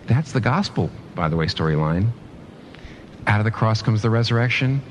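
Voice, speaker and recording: Male pastor mid-sermon: expressive, swooping delivery, faint hiss behind. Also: lowish voice, moderate pace. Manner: animated preaching with rhetorical questions and restarts.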